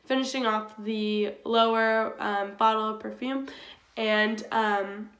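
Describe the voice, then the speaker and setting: A woman's voice: medium pitch, fairly even intonation, slow pace, a bit bright. A young woman telling a storytime vlog in a chatty way, filling her talk with "like". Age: young adult. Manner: chatty, filler-heavy with frequent "like". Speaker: YouTuber. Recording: roomy echo.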